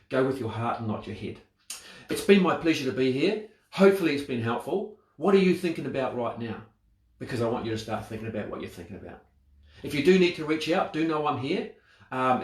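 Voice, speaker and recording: Man, motivational talk, rhetorical questions, reflective, mid pitch, roomy echo. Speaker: speaker on mental wellbeing.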